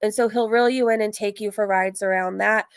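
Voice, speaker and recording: A woman's voice: mid-range voice, brisk, smooth, no echo. Chatty woman live-streaming in a dry room. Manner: chatty, animated, frequent laughs and "like" fillers. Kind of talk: casual chat.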